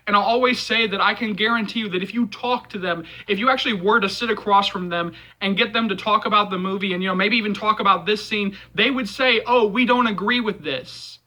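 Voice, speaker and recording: Passionate man with a bright, high voice. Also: a little fast, low-quality recording. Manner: passionate, repetitive, many fillers. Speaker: movie channel host. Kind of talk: casual video commentary.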